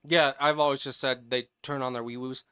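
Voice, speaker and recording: A man co-hosting a podcast, telling a story in casual chat, animated and profane, getting loud as he retells it. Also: mid-range voice, brisk, clean tone, dry recording, studio quality. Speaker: podcast co-host.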